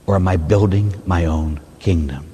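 A man's voice: low voice, normal speed, dark tone, breathy edge, big-room sound. A man, a Catholic priest, giving a conversational sermon. He keeps asking his listeners short rhetorical questions and acts out prayers and complaints in changed voices. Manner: asks the listeners short rhetorical questions, often ending with "huh?".

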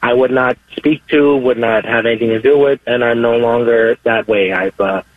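A man calling in to a radio show, earnest and halting, often repeating himself as he gives his testimony. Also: mid-range voice, steady tone, no echo. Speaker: caller. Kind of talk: call-in testimony. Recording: dry tinny phone line.

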